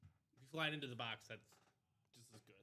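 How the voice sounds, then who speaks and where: Bright-voiced, bantering co-host man. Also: medium pitch, fast. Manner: playful, teasing banter. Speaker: co-host of live memorabilia breaks. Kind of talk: casual live-stream banter.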